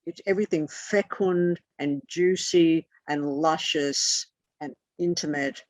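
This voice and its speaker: In a mid-range, steady voice, this slow-speaking tarot teacher rambles through esoteric material, cursing casually and muttering to themselves. The lo-fi recording is dull and dry, with no room sound.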